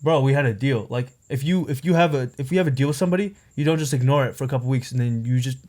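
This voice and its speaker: A man's voice: mid-range voice, racing, darkish tone. A young man on a podcast telling a long personal story in casual chat, rambling and packed with filler words. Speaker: podcast co-host.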